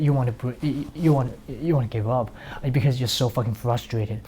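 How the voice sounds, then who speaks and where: A man's voice: mid-range voice, a little fast, warm tone, slight background noise. A man giving a casual motivational monologue, talking bluntly with heavy swearing and acting out little scenes. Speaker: speaker.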